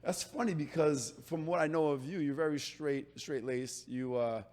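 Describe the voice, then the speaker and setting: A man's voice: fairly high pitch, normal speed, a little mellow. Curious male podcast host. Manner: curious, prompting questions. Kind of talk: casual interview.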